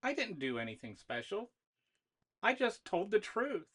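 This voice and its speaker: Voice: medium pitch, very animated, measured pace, a bit bright, husky, voice pushed up, heavily acted. A narrator voicing Penny, a sincere, sweet five-year-old girl who puts on a posh British accent for tea. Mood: earnest. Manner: piping childlike voice with put-on British accent.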